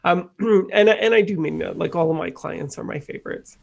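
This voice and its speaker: A man's voice: fairly high pitch, fairly quick, creaky. A middle-aged man co-hosting a life coaching podcast, telling stories earnestly in casual chat. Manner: earnest, animated storytelling with acted quotes.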